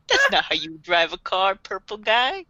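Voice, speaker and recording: A woman hosting a podcast in casual recap chat, animated, laughing often and acting out characters. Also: mid-range voice, unhurried, highs cut off. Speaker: podcast host.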